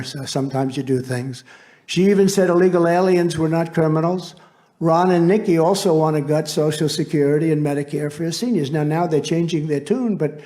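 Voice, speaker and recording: A man's voice: fairly high pitch, mellow. A man who is a political candidate, giving a campaign rally speech in a rambling, boastful way with asides to the crowd.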